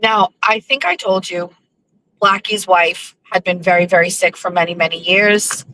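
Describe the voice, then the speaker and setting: A woman hosting her show, telling stories in a chatty, animated way. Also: lowish voice, normal speed, slight background noise, low-quality recording. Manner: chatty, animated, with lively acted-out quotes. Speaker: host. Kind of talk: casual storytelling monologue.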